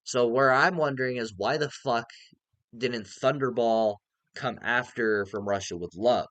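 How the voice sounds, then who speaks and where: A man's voice: mid-range voice, measured pace, fairly bright tone, no echo. A young man giving a casual, exasperated movie review, swearing heavily as he rants. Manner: exasperated ranting, heavy swearing. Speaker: film reviewer.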